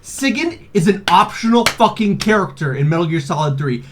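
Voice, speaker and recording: A man's voice: high-pitched, expressive, fairly quick, background noise. A man in his twenties recapping a video game in a rambling, profane, joking way, full of fillers and laughs. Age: 20s. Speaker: video host. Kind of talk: casual comedic game recap.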